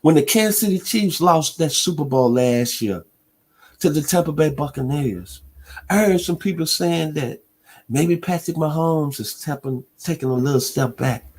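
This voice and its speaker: A man in his 60s hosts a sports talk radio show, delivering an emphatic, heartfelt monologue with a preacher-like style and sincere shout-outs. His voice is a little high and moves at a moderate pace.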